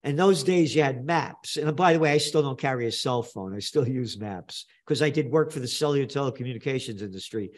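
A man's voice: medium pitch, a little fast, few pauses. Blunt older New man. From New York. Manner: emphatic, blunt, repeats phrases for effect. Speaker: guest. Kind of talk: animated storytelling interview talk.

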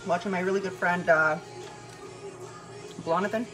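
Woman vlogger, tired, casual and foul-mouthed, rambling at home with loud music behind. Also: on the low side, fairly even intonation, moderate pace. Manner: chatty, profane, meandering, often laughing. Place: her bedroom at home. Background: music playing.

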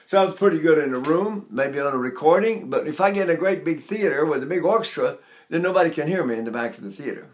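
Older male vocal coach, higher speaking pitch, echoey classroom sound. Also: animated, fast. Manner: talks to his class, breaks into brief sung and nasal demonstrations. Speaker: voice teacher. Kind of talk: vocal lesson with sung demonstrations.

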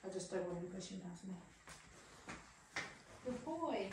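A woman's voice: lowish voice, monotone, rapid-fire, vocal fry, a loud crowd. A woman talks casually while training a young bull outdoors, coaxing and praising him in a sing-song voice. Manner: affectionate sing-song coaxing and calling to animals. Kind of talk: casual narration while working with animals. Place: outdoors on a farm.

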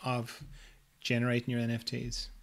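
A man hosting a podcast interview in a relaxed way, summarizing what his guest says and checking in with her. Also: medium pitch, normal speed. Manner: easygoing, summarizes and checks in with "yeah?". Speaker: podcast host. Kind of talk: casual interview chat.

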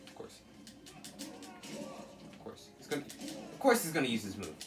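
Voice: mid-range voice, wildly swooping pitch, moderate pace, music in the background. A gamer giving live commentary over a fighting game, exasperated, exclaiming and pleading at the opponent. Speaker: let's play gamer.

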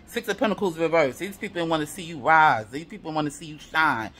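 A man's voice: fairly high pitch, fairly quick, sharp tone. A man giving a tarot reading to viewers, heated and profane, piling up repeated affirmations. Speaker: tarot reader.

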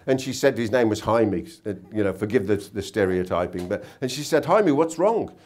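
A man's voice: fairly low pitch, a little fast. A man giving a motivational seminar talk in a hotel conference room, telling anecdotes and asking tag questions. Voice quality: animated storyteller, asks tag questions. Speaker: seminar speaker.

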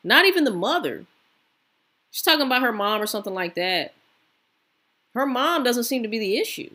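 A woman's voice: on the high side, sing-song, brisk, bright, forceful tone. A woman hosting a reaction video, giving blunt, sympathetic commentary. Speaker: reaction channel host.

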